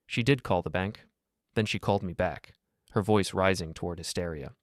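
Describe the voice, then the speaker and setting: Man, very low voice, dry close sound, calm story narration. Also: normal speed, dry recording. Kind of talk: first-person story narration.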